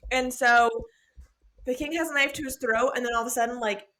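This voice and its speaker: A young adult woman co-hosting a podcast, recapping a book in casual chat, animated and sweary, acting out the characters' lines. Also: on the high side, a little fast. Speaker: podcast co-host.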